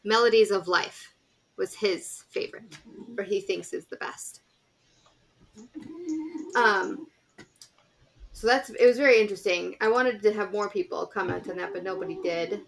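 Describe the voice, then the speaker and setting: A woman's voice: medium pitch, normal speed, creaky, long pauses. A woman co-hosting a podcast in loose, casual chat, wandering through her sentences and fixing them mid-way. A faint hiss and occasional clicks sit under her voice. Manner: rambling, self-correcting, laughs easily. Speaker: podcast co-host.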